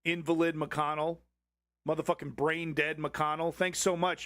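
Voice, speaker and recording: Brief: male stream host, angry profane rant, higher-pitched voice, dry close sound. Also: level tone, unhurried, a bit bright, no room sound. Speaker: livestream host. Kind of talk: profane political commentary over a clip.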